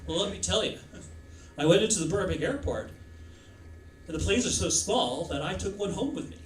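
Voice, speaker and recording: A man's voice: high voice, expressive, normal speed, a little hiss or hum. A man doing an impression of a put-upon older male comedian telling one-liners, in an echoey club. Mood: grumbling. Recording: echoey club, mic from far off.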